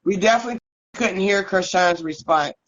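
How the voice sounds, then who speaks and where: A woman's voice: medium pitch, a little fast. Insistent woman podcast host, muffled audio. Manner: insistent, repeats her point. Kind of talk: casual podcast chat.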